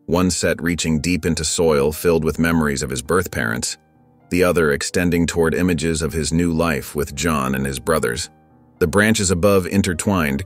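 A male storyteller with a very deep voice reads a scripted tale calmly and evenly. Faint music plays underneath. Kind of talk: scripted narration. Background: faint background music.

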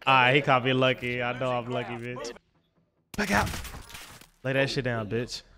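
A young man streaming a shooter game, talking casually with excitable trash talk, humming and swearing over gunfire. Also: medium pitch, normal speed, crowd noise. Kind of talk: casual gameplay commentary. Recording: game mic with loud gunfire behind. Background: game gunfire and clicks.

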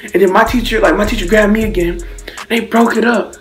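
A man's voice: high voice, fairly quick, faint music behind. A young man from Slidell, telling a story casually in slang and acting out the blows with sound effects. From Slidell, Louisiana. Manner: animated, slangy, acts out hits with sound effects. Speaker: vlogger.

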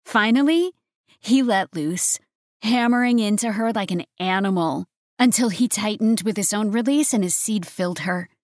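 Woman reading a romance audiobook, steady and even, mid pitch, very dry close mic. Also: normal speed, no echo. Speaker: audiobook narrator.

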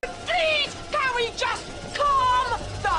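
A man doing a shrill panicked woman. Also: very slow, pushed and bright, faint music behind, exaggerated voice.

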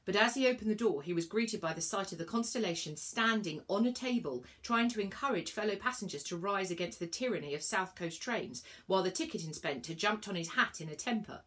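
Expressive woman reading a children's book. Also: mid-range voice, a little fast, few pauses. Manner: expressive storytelling. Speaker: reader. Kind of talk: children's book read-aloud.

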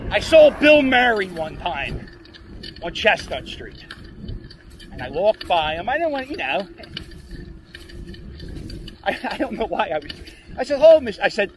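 A man talks in a high voice that swings widely up and down. He rambles excitedly to himself while riding a bike down a city street. Traffic and street noise are clearly heard around him. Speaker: vlogger. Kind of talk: casual vlog monologue while cycling.

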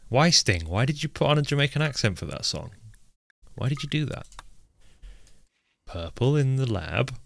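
A man's voice: medium pitch, sing-song, moderate pace, vocal fry, pauses often, dry recording. A man giving live commentary while playing a colony game, chatty and joking, talking to his in-game characters as he goes. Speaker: game streamer.

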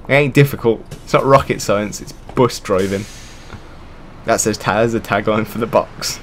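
A man's voice: fairly low pitch, moderate pace, fairly bright tone, soft background music. A young man commentating on a game, sarcastic, swearing and ranting in bursts. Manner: sarcastic, ranting, swears a lot, often laughing. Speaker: gamer.

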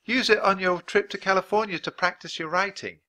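A man reading aloud as a kind, patient woman schoolteacher on the frontier, speaking calmly and gently. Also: sits high, brisk, pitched above the performer's own voice. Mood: gentle. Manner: gentle, calm and encouraging. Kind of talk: children's audiobook reading.

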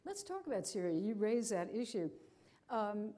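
A woman interviewing a guest at a forum, framing her questions haltingly. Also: mid-range voice, big pitch swings, mellow. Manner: hesitant, with fillers and restarts while framing questions. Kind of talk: forum conversation.

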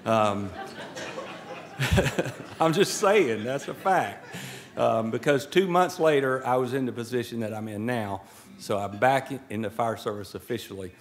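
A man's voice: mid-range voice, unhurried. Folksy man speaking at a podium. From Georgia. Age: middle-aged. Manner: folksy and joking, preacher-like asides. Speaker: guest speaker at a swearing-in ceremony. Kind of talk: informal ceremonial speech. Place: indoor event hall at a podium. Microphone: podium microphone.

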